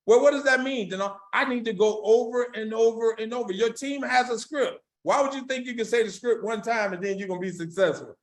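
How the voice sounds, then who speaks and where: A man's voice: extremely high pitch, fairly quick, hardly any pauses. A man coaching sales agents in a motivational training talk, emphatic and folksy, repeating his key lines and speaking straight to the audience. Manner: casual, folksy phrasing. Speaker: insurance sales recruiting trainer.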